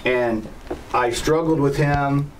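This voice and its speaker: A man's voice: mid-range voice, steady tone, takes it slowly. A man who teaches helicopter flying, telling stories in a plainspoken, blunt way with firm opinions. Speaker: helicopter flight instructor. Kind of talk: casual storytelling to an online group. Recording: slightly distant mic with faint background noise.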